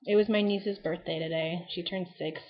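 A woman's voice: on the low side, steady tone, moderate pace, muffled recording. A woman of about nineteen chatting casually to camera in a rambling vlog, full of likes and ums. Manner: chatty and rambling, heavy use of "like" and "um". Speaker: beauty vlogger.

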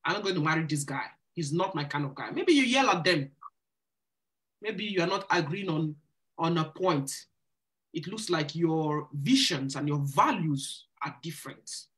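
This church singles ministry host speaks with a deep, slightly bright voice at a normal pace, staying animated. Over a live stream Q&A, she earnestly preaches marriage and courtship advice and drives points home by repeating phrases.

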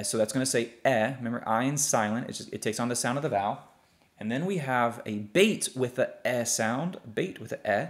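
A young man with a fairly low voice explains a lesson at an unhurried pace. He breaks words into syllables and repeats them patiently. He often checks in with his listeners as he goes. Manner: slow, patient sounding-out of syllables; checks in often with "okay?" and "see that?". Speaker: teacher.

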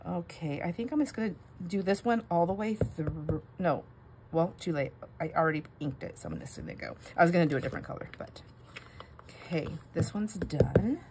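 A woman's voice: lowish voice, expressive, fairly quick, background noise. A middle-aged woman hosting a crafting vlog, telling family stories in a rambling, self-interrupting way while she stamps. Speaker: crafting channel host. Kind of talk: casual chat while stamping.

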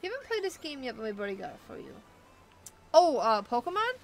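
A woman's voice: sits high, sing-song, fast, gravelly, faint music behind. A woman streamer chatting and rambling casually as she plays a video game. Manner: rambling, chatty, thinking aloud. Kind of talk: casual chat while playing a video game.

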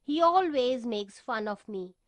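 A woman voicing a young schoolboy from a children's storybook, his voice set fairly high. He is hurt and quiet at first, then grows firm as he stands up for himself. It is read close to the mic with no room sound. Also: expressive, measured pace, no echo. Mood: timid. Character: upset young schoolboy with curly hair.

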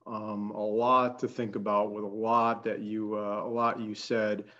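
A man moderating an event, giving halting closing remarks full of fillers. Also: fairly low pitch, flat delivery, a bit bright. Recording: dull lo-fi audio.

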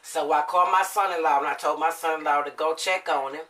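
A mother chats to her viewers in a casual, storytelling way, with a bright tone. She acts out the quotes with emotion and swings from hushed to lively. Her voice sits a little back from the microphone. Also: low voice, quick pace, distant mic, rough recording. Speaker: mother and family vlogger.

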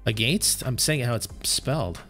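A man's voice: lowish voice, normal speed, fairly bright tone, faint music behind. A man streaming live gameplay, chatting casually and answering his viewers' questions while sounding tired. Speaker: game streamer.

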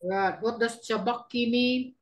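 Woman, middle-aged, slow unhurried speech, folksy teacher, lots of ums, video call sound. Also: fairly high pitch, rough recording. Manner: unhurried, folksy, thinks aloud with many fillers. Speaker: language teacher. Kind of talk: casual online language class.

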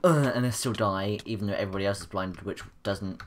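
A man's voice: fairly low pitch, quick pace, slight background noise. A man giving gameplay commentary, frustrated and self-mocking as he plays. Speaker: gamer.

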